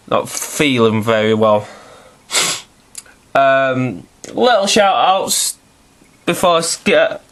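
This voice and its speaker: A man's voice: medium pitch, a bit bright. A man, stuffy and nasal from hay fever, rambling chattily through a casual video review and swearing now and then.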